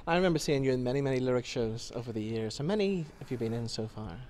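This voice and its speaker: A TV presenter introducing a show and questioning actors in a brisk, friendly way. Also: male voice, mid-range voice, expressive, darkish tone, a little hiss or hum. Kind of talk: TV interview.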